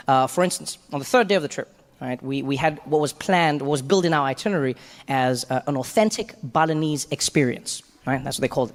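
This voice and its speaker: A man's voice: fairly high pitch, long reverb tail. A man from Africa telling a long funny story on stage and jumping into voices as he goes. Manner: animated storytelling with frequent voice act-outs. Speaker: stand-up comedian. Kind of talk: stand-up storytelling. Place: comedy club stage.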